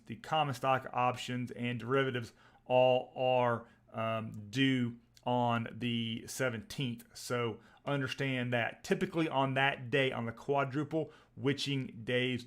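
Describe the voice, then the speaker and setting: A man from Texas hosting a live trading stream, rambling and excitable as he calls out stock tickers and market news. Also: medium pitch. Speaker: livestream trading host.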